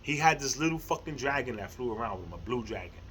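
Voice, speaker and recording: A man's voice: mid-range voice, expressive, fast talker. Middle-aged man, casual spiritual talk to camera, slangy and profane, stumbling repeats, faint background hiss. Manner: rambling, repeats words, heavy slang and swearing; earnest, laughs softly between thoughts. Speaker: spiritual vlogger.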